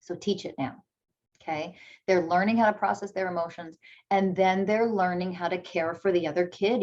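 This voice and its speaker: A woman giving a candid motivational talk, blunt and emphatic, swearing freely and acting out parent dialogue in a high sing-song. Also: steady tone, a little fast, a little mellow, muffled recording. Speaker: self-development speaker.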